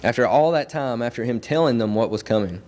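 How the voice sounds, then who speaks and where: A man's voice: medium pitch, brisk, darkish tone. A young man preaching a sermon in a church, earnest and building his points through repeated phrases. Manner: earnest, repetitive emphatic phrasing.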